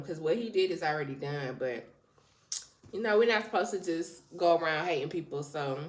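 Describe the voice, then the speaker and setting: Woman, lowish voice, reaction video host, casual, sympathetic, addresses viewers.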